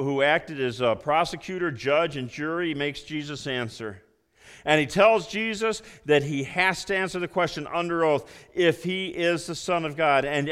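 A man preaching a sermon, emphatic, swinging between loud emphasis and hushed low passages. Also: clear, resonant tone, long reverb tail. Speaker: pastor.

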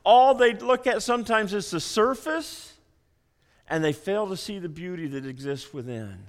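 Pastor guy preaching in church, kinda high voice, folksy, keeps repeating himself. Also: normal speed. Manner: folksy, animated, repeats phrases with restarts. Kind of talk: sermon. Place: church sanctuary.

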